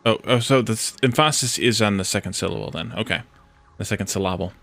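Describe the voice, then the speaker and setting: Gravelly-voiced man streaming a game. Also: lowish voice, quick pace, a bit bright, faint music behind. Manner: chatty, reacts to chat, talks to himself while building. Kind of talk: casual let's-play commentary.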